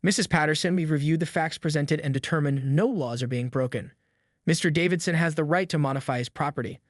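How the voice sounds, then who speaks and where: A synthetic male narrator voice speaking as a calm, professional police sergeant who stays firm but polite. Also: a little high, fast talker, dry recording, studio quality, close to an everyday voice. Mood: composed.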